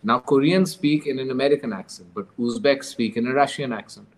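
Man, author guest, lively anecdotal telling, mid-pitched voice, breaks into laughter often. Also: brisk, rough recording. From Pakistan. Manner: animated storyteller, mixes in Urdu phrases; laughs while telling grim stories. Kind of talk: storytelling interview.

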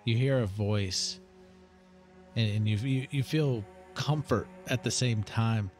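Guy running a tabletop game, slow and low-ish, lots of ums, faint music behind. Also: a little mellow. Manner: hesitant, halting with fillers. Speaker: game master.

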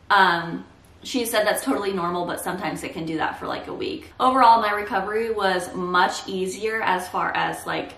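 A woman's voice: medium pitch, a bit bright, far from the mic. Candid young woman vlogging in an echoey room. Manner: candid and reassuring. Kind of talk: casual vlog talk to camera. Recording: roomy echo, a bit off the mic.

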